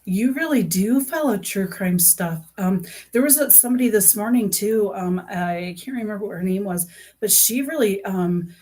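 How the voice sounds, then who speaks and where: A woman's voice: mid-range voice, expressive, moderate pace, warm tone, breathy edge. A woman chatting on a live stream about true crime, rambling with lots of fillers and restarts, earnest and emotionally invested. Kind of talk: casual live-stream chat.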